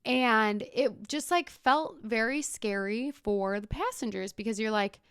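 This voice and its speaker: A young woman hosting a podcast, retelling a story in a casual, animated way with whispered asides. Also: on the high side, unhurried, hardly any pauses, smooth, no echo, studio quality. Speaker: podcast host.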